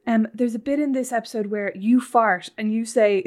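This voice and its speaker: A woman co-hosting a podcast with her sister, teasing her and telling stories in a lively, casual way. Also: fairly high pitch, moderate pace, few pauses. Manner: teasing, animated storyteller. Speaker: podcast co-host. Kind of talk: casual chat.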